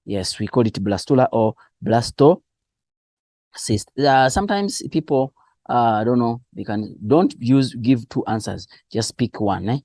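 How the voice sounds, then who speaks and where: A man going through exam answers as a teacher, spelling out key terms slowly and asking and answering his own questions. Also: medium pitch, animated, a little mellow, dry recording, clean studio sound. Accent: Southern African English. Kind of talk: exam revision lesson.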